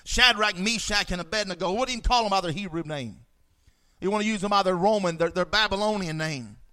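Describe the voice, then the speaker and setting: A man's voice: high voice, lively intonation, brisk, sharp tone. A man preaching a fervent sermon, reading scripture aloud and swelling for emphasis.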